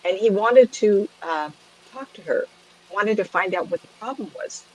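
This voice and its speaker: Husky-voiced chatty woman medium. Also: mid-range voice, moderate pace, muffled recording. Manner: chatty, laughs often, lively asides. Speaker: psychic medium. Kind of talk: storytelling to a camera.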